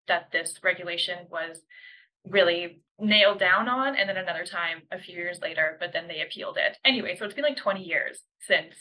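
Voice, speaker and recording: A woman's voice: fairly low pitch, bright, forceful tone, rough recording. A woman with a Canadian accent co-hosting a podcast, explaining the news and correcting herself as she goes. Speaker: podcast co-host.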